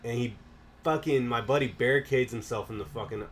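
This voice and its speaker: A man's voice: medium pitch, brisk, slight background noise. A young man hosting a podcast, telling rambling stories in casual, profane chat. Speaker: podcast host.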